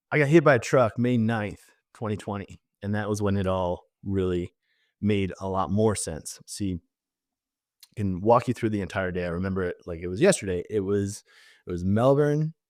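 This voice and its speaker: A man tells a personal story as a podcast guest. His voice sits fairly low and he talks animatedly, with lots of fillers. The sound is dry, with no room echo. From Canada.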